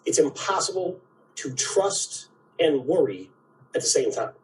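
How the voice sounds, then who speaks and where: A man's voice: on the high side, big pitch swings, unhurried. Man giving a spiritual talk, distant mic. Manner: keeps asking "right?", acts out quoted voices.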